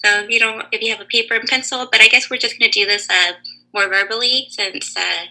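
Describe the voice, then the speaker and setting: A woman teaching a lesson to young children over a video call, asking slow, clear, encouraging questions. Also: fairly high pitch, fairly even intonation, bright, forceful tone, low-quality recording.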